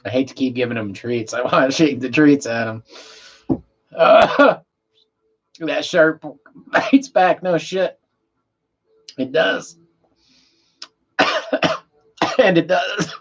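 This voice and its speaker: A man's voice: a little high, takes it slowly, long pauses, breathy edge. A man chatting casually with his viewers on a live stream from home. He speaks laid-back, swears here and there, and coughs between sentences. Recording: dull lo-fi stream audio, faint room hiss.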